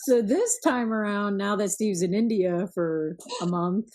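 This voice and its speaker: Relaxed woman host sharing stories. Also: mid-range voice, measured pace. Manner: relaxed, self-mocking family anecdotes. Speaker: podcast host. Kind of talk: casual podcast chat.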